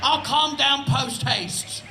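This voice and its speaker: A man's voice: extremely high pitch, slow pace, sharp tone, roomy sound, some chatter behind, a little hiss or hum, full character voice. A man voicing a prim, courteous male dog with a British accent, apologizing in a raised voice. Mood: apologetic. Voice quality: posh, overly courteous.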